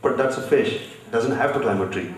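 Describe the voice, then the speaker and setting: A man's voice: medium pitch, fairly quick. Blunt man in an echoey hall. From India. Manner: blunt, storytelling. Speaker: festival guest, author. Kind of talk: live panel conversation. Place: festival session stage, large hall. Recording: echoey hall, distant mic.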